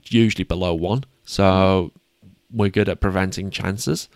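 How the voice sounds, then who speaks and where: A man's voice: sits low, steady tone, measured pace, gravelly, dry recording. A British man co-hosting a casual sports chat, upbeat and self-deprecating. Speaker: podcast co-host.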